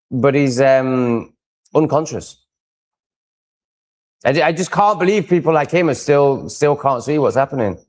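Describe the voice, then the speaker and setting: Rambling man hosting a live stream. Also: mid-range voice. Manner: rambling and opinionated, with many fillers and restarts. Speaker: livestream host. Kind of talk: casual live-stream chat, reading out viewer comments.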